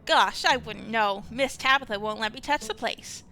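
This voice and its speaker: A woman voicing a bright, cheery housekeeper who is sweetly polite and eager to help. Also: fairly high pitch, normal speed.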